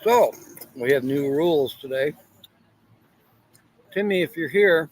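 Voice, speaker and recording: Casual male livestream host, slightly high voice, rambling morning chat, talks with his mouth full. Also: animated, takes it slowly, long pauses, poor audio. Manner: rambling, greets viewers by name, pirate greeting; talks while eating.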